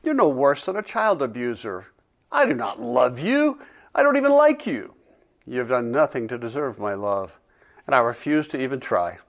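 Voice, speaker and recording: Bitter, mocking accuser, read by a man, lively and high-pitched, sarcastic. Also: measured pace. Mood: accusing. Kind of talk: dramatic reading of a dialogue.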